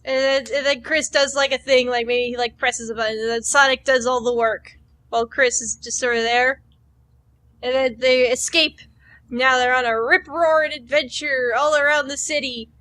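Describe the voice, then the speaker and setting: A woman's voice: sits high, steady tone, normal speed, bright, forceful tone. A woman co-hosting a comedy podcast, rambling through an idea with lots of "like" and little acted-out voices. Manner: rambling, filler-heavy, acts out characters. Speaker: podcast co-host. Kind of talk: casual comedic chat.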